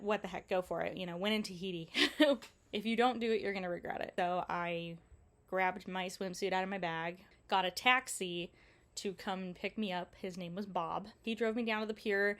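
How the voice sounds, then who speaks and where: A woman casually recounting a day of travel and snorkeling, chatty and animated, quoting people she met. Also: fairly low pitch. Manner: chatty, animated retelling with quoted dialogue and laughs. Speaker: travel vlogger.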